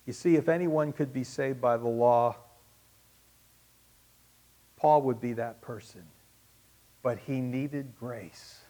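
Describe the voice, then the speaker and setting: A man preaching a sermon to his congregation. He swings from loud, emphatic peaks to hushed asides and repeats key phrases for emphasis. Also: mid-range voice, slow, pauses often. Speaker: pastor.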